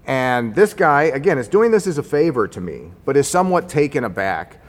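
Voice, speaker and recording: A man recounting a true story from his own life, in a relaxed, conversational and wry manner. His voice is middle-pitched and rings out with a long hall reverb around it. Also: a little fast. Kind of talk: personal story told to an audience.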